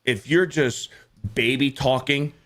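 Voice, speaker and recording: A man's voice: fairly even intonation, slow pace, a bit bright. Blunt, profane man hosting a podcast. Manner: blunt, profane, mimics others in high mocking voices. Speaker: podcast host. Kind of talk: casual podcast chat.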